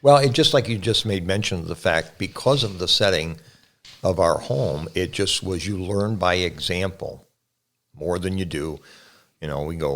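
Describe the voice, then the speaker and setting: A man's voice: deep voice, moderate pace, a bit bright. An older man, a pastor, talking casually with his son and reminiscing about growing up with his family. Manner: reminiscing, earnest. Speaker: pastor and guest.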